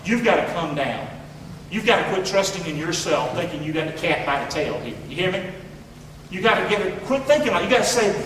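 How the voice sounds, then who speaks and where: A man's voice: sits high, lively intonation, normal speed, a bit bright, slight background noise. A man preaching a sermon with fervent, repetitive delivery and many questions to his listeners. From rural area. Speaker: pastor. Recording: echoey hall, voice from far off.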